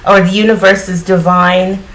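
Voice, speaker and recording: A woman giving a casual spiritual card reading in a groggy morning voice, often clearing her throat and rambling reassuringly with lots of fillers. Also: lowish voice, flat delivery, a little slow, a bit bright, low-quality recording. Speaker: tarot card reader.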